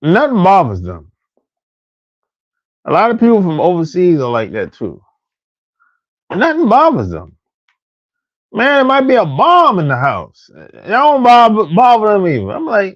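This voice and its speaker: A man rants in a casual, profane, repetitive way, his fairly high voice swooping across an extremely wide range. The recording sounds dull and lo-fi, dry with no room echo. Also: very animated, moderate pace. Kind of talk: casual rant.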